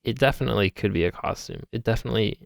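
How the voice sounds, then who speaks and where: A man's voice: on the low side, very fast, creaky, no echo, studio quality. A man co-hosting a podcast in casual chat, laughing often and rambling with fillers. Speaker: podcast co-host.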